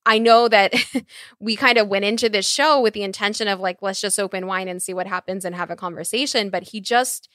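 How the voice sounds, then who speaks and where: A woman hosting a podcast, gushing warmly in casual chat. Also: medium pitch, a little fast, dry recording, studio quality. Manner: gushing, effusive. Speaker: podcast host.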